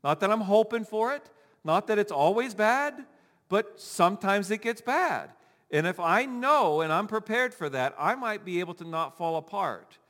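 Male pastor, sermon delivery, animated, slightly high voice, long hall reverb. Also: normal speed. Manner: animated, acting out quoted voices.

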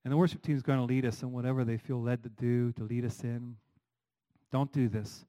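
A middle-aged man preaching a sermon as pastor, animated, asking the congregation rhetorical questions. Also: mid-range voice, a little fast, poor audio.

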